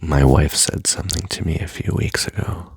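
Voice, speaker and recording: Deep gravelly husky man, half-whispered. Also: dry recording. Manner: soft, halting, drifts into a near-whisper. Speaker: self-help speaker. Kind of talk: reflective personal monologue.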